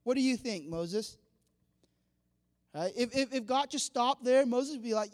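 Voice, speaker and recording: A man preaching a sermon, animated, acting out quoted dialogue and laughing often. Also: very high-pitched, a little slow, pauses often. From Vietnam. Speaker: pastor. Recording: long hall reverb.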